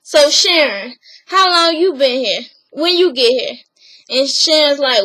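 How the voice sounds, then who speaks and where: Woman vlogger, high voice, bright and sharp, animated retelling. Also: unhurried, poor audio. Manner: animated storytelling, slangy and blunt. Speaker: vlogger recapping a reality show. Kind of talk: casual retelling.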